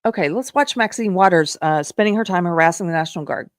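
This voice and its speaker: A woman from South Carolina hosting a live political commentary show, talking in a sarcastic, emphatic way and quick to scoff. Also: lowish voice, no echo, studio quality. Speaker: show host.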